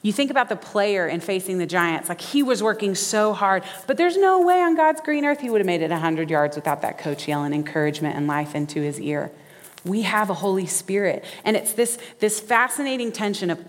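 A woman preaching a sermon, folksy and animated, acting out quotes as she tells stories. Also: medium pitch, brisk. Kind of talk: sermon with storytelling. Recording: reverberant hall.

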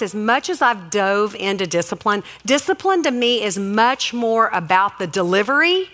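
A woman's voice: fairly high pitch, bright, forceful tone. A middle-aged woman giving an earnest, faith-based parenting talk, urging her listeners directly and calling them guys. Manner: earnest and exhortative, addresses audience as guys. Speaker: speaker teaching parents.

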